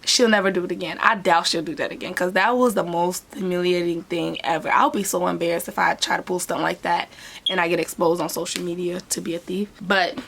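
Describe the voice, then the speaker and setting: Brief: an animated woman vlogger with a raspy, fry-edged voice recounting a story to her viewers. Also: fairly low pitch, fairly quick. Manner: animated storytelling, talks with hands. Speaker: vlogger and hair braider. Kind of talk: casual storytime vlog.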